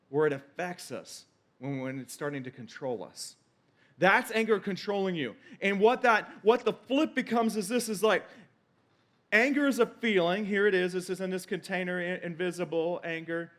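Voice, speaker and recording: A man's voice: high voice, lively intonation, normal speed, fairly bright tone. A man pastor preaching a sermon, quoting scripture and repeating key points for emphasis.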